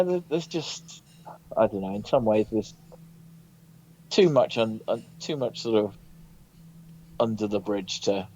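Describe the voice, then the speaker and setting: A man's voice: medium pitch, dark tone, a little hiss or hum. A man calling in to a radio show, speaking hesitantly with many restarts. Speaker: caller. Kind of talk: casual phone-in chat. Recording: dull phone-in line.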